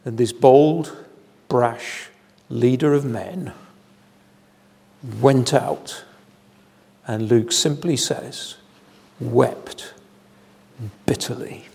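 A man preaching an evening sermon in a church, measured and deliberate, with solemn emphasis. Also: medium pitch, gravelly, warm tone, husky. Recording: long hall reverb.

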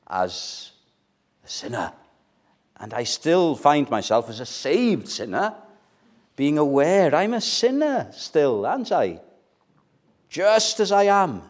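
Slow, emphatic older male preacher. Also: fairly high pitch. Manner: emphatic, with dramatic pauses and sudden soft drops. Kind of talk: sermon.

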